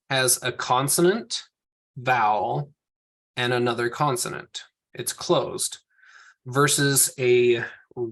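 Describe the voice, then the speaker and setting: Man teaching a class over video call. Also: mid-range voice. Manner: patient, explanatory. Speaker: Hebrew teacher. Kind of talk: online class lecture.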